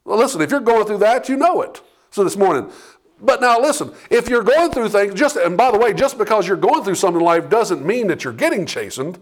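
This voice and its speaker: Man preaching, pastor, high-pitched voice, conversational sermon, keeps checking in with okay and amen, gets fired up. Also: lively intonation, a little fast.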